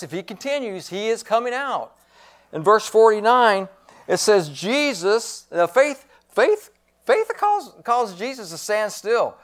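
A man's voice: high voice, fairly bright tone. A man preaching a sermon as pastor, emphatic and given to repeating his phrases.

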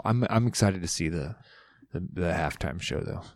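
A man's voice: deep voice, animated, moderate pace, no room sound. A man hosting his own podcast, rambling loosely and swearing casually, with playful asides. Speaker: podcast host. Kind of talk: casual solo podcast chat.

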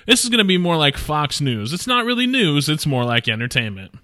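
A man's voice: fairly high pitch, very animated, brisk, bright, forceful tone, no echo, clean studio sound. A man hosting a podcast, jokey and upbeat, introducing his guest with fillers. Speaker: podcast host. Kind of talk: casual podcast chat.

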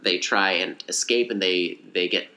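A man casually recapping a movie in a rambling, animated way. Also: low voice, normal speed. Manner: rambling, animated retelling with acted quotes. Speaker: podcast co-host.

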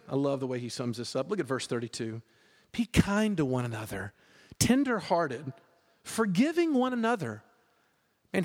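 A man preaching a sermon as pastor, conversational and animated, with jokes. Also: a little high, big-room sound.

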